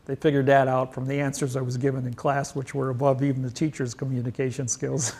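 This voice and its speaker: A man's voice: mid-range voice, a little mellow. A man lecturing on grammar, rambling emphatically and boasting about himself. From United States. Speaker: seminar lecturer.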